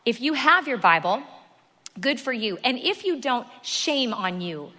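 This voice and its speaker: Preaching a sermon at the front of a church, a woman stresses and repeats her key phrases in a sing-song way at a moderate pace. Her slightly high voice rings bright and clear, trailed by the large hall's long reverb, with a little hiss or hum in the recording.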